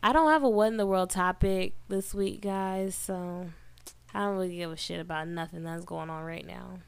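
A woman co-hosting a relaxed podcast, speaking frankly and laughing easily. Her voice sits a little low with a gravelly fry running through it. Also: moderate pace. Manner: candid, laughs often, swears casually. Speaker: podcast co-host. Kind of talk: casual chat.

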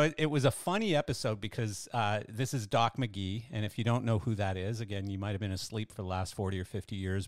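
A man's voice: on the low side, no echo, clean studio sound. An older man hosting a podcast, telling stories in a chatty, enthusiastic way with lots of fillers. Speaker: podcast host. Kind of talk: casual podcast monologue.

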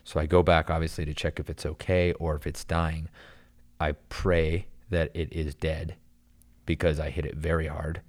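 A man telling a long story in casual chat, animated and rambling, full of "dude" and "like". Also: very deep voice, normal speed.

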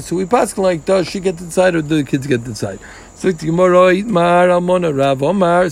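A man with a high, gravelly voice teaches a relaxed Gemara class on the Talmud, patiently explaining each step, mixing Hebrew and Aramaic terms into his English, and joking with students. The recording catches the group around him, along with a little hiss or hum.

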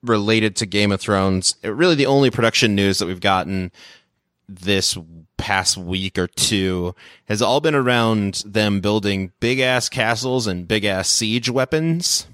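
Man, podcast co-host, low voice, easygoing, casual chat, dry mic. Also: unhurried, a bit bright, no room sound.

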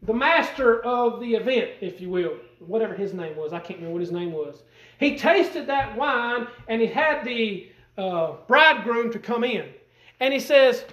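A man's voice: very high voice, sing-song, normal speed, a bit bright. A man preaching a sermon in a folksy, emphatic way, with rising bursts, to a church congregation. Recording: echoey room.

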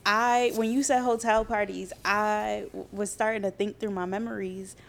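A young adult woman in casual chat, telling her own story in a relaxed, laid-back way. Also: mid-range voice, moderate pace, vocal fry.

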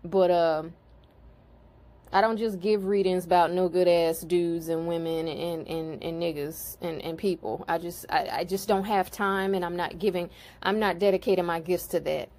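A woman's voice: fairly low pitch, fairly even intonation, normal speed, darkish tone. A woman spiritual card reader and healer talking casually to her viewers, blunt and profane, growing heated and preachy.

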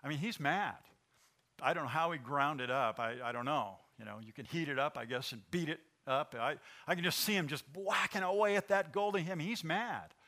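With a slightly high voice and a brisk delivery, a man preaches as pastor. He's animated and questions the congregation directly.

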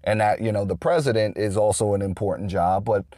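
A man talks through a long, unscripted political monologue. His voice sits on the low side and the sound is close and dry, with no room echo. He rambles, restarts his sentences and leans on fillers as he works through his points. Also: fairly even intonation, brisk, dark tone. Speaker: political commentator.

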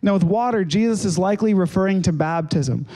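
A man's voice: high-pitched, brisk, warm tone. A male pastor giving a sermon, retelling a scripture story in a conversational way with casual asides.

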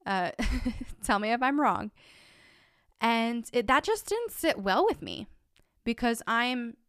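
A woman's voice: fairly high pitch, lively intonation, slow pace, a bit bright, clear, resonant tone, no room sound, studio quality. A woman in her thirties, a stay-at-home mom, talking earnestly and with emphasis to her listeners. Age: 30s. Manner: earnest, emphatic, rising when pressed. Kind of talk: personal talk to camera.

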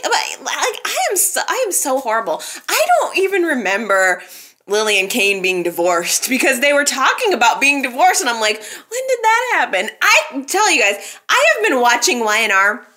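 A woman's voice: a little high, expressive, moderate pace, pushed and bright. A woman hosting a casual recap podcast, chatting animatedly and talking straight to her listeners. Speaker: soap opera recap podcast host.

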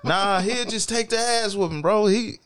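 A man's voice: high-pitched, normal speed, fairly bright tone, clear, resonant tone. A man co-hosting a casual podcast, bantering bluntly with heavy cursing. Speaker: podcast co-host. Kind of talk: casual chat.

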